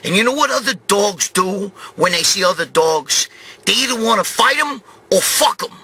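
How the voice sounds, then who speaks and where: A man in his fifties hosting a show, telling a rambling story, swearing constantly in an animated, streetwise way. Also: high-pitched, normal speed, slightly rough. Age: 50s. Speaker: show host. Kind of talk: profane rambling anecdote.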